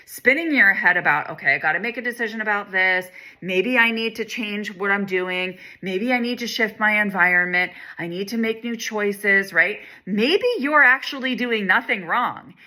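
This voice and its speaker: A woman's voice: fairly low pitch, bright, forceful tone. A young adult woman speaking as a spiritual wellness coach in an earnest, flowing monologue, swearing casually. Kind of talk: intimate motivational monologue.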